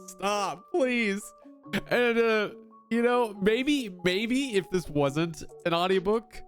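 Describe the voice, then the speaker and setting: Man reviewer, upbeat slangy delivery, slightly high voice, soft music underneath. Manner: animated, slangy, laughs often. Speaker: book reviewer. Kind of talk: casual book review vlog.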